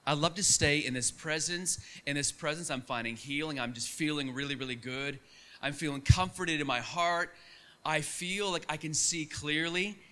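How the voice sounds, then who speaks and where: Bright-voiced preacher man. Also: a little high. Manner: storytelling, animated and conversational. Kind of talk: sermon.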